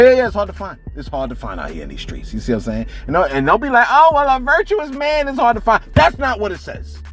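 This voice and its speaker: A man talks casually through celebrity news and reads out viewer shout-outs, his fairly high voice rising and falling a lot. He keeps checking in with his listeners as he goes, with faint music playing behind him. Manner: animated, rhetorical, keeps saying "you know what I'm saying".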